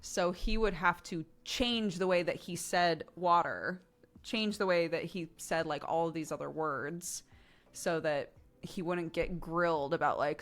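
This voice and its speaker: A woman's voice: fairly low pitch, unhurried. An American woman in her thirties chatting casually with her stream chat, with lots of laughter and fillers like "um" and "like.". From United States.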